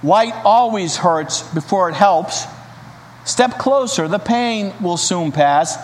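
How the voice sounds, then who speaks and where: A man voicing a calm male stranger who brings fire, speaking in a gentle, inviting way. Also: high-pitched, slow pace. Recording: reverberant hall, faint hiss.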